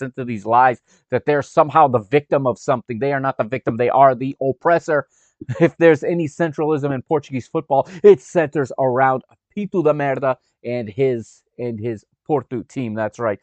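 A man's voice: mid-range voice, dry recording, highs cut off. A man hosting a sports podcast, talking in a brash, mocking and sarcastic way while recording at his workplace. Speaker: podcast host.

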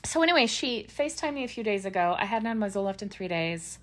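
A woman's voice: mid-range voice, lively intonation, fast, fairly bright tone. A middle-aged woman co-hosting a podcast, talking in a rambling, candid, emotional way. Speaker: podcast co-host. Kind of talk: casual chat.

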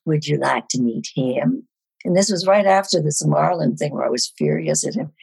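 Dry, lively woman in her eighties. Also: low voice, normal speed, gravelly, husky, no echo, rough recording. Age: 80s. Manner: lively anecdotal storyteller with wry asides. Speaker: guest. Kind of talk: casual storytelling chat.

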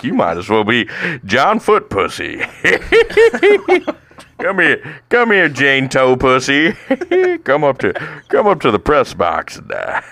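A man's voice: mid-range voice, a bit bright, pitched above the performer's own voice, exaggerated voice. A man doing a leering, lecherous impression of an old baseball broadcaster, breaking into giggles.

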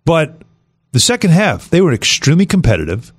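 Animated man hosting sports radio. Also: fairly high pitch, fairly quick, husky. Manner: animated, lots of fillers and restarts. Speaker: radio host.

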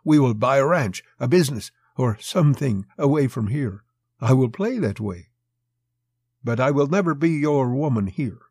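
A low-voiced young woman from an old pulp tale, pleading and resolute, as a man puts her on in a raised, louder voice. Her tone stays gravelly and husky, read close and dry. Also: animated, moderate pace, no room sound.

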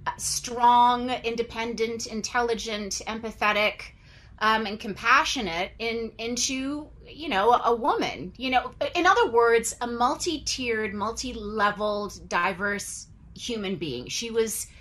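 A female actor chatting on a video call, giggling and choosing her words slowly and thoughtfully. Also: fairly high pitch, fairly bright tone. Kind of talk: casual chat.

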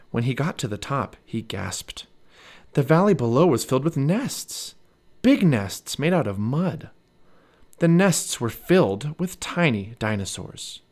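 A man narrating a children's storybook aloud, his mid-pitched voice rising and falling with lively expression. His delivery is animated, as if reading to kids.

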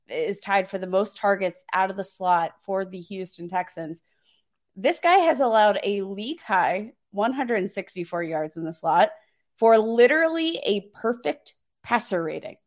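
Chatty woman talking fantasy football. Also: medium pitch. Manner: chatty, filler-heavy, upbeat. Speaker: podcast co-host. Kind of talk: casual fantasy football chat.

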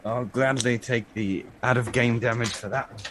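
A man's voice: mid-range voice, steady tone, normal speed, fairly bright tone, slight background noise. A man playing a tabletop game, chatting casually with wry jokes. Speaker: player.

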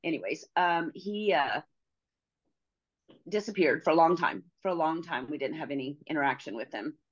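Low-voiced middle-aged woman telling her story. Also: expressive. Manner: halting, with many pauses and restarts. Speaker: podcast guest. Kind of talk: personal storytelling in an interview. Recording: slightly dull lo-fi audio.

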